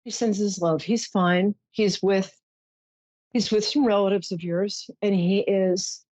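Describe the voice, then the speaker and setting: At a measured pace, a woman with a slightly mellow, medium-pitched voice and fairly even intonation hosts a psychic call-in program. She soothes callers and showers them with endearments while reading for them, and the sound is dry, dull lo-fi with no room noise.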